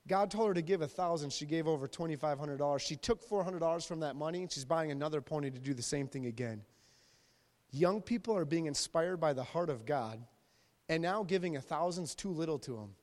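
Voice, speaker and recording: A man, a youth pastor, preaching a sermon and telling stories lively, acting out the people in them. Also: on the high side, fairly quick. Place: church sanctuary. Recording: long reverb of a large hall.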